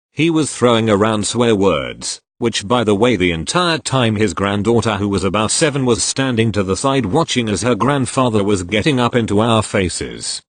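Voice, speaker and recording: A man reading online retail stories aloud with an expressive storytelling delivery. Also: on the low side, dry recording. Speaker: story reader.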